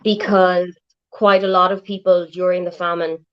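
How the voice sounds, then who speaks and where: Irish woman from Waterford, dry wit, casual chat, slightly lower register, muffled call sound. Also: flat delivery, normal speed, clean tone. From Ireland. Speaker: guest co-host.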